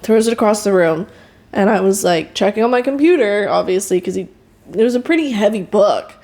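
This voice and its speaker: A woman's voice: mid-range voice, expressive, fairly quick, a little mellow. A young woman, a podcast guest, frankly recounting a hard relationship in candid personal storytelling, quoting others with a raised voice.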